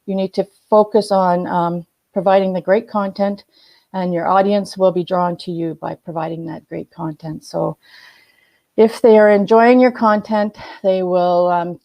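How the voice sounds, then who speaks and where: A woman on a casual live stream giving business tips to viewers, halting often with ums and restarts while glancing at notes. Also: fairly low pitch, no echo, dull audio. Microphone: phone or webcam, looking at notes.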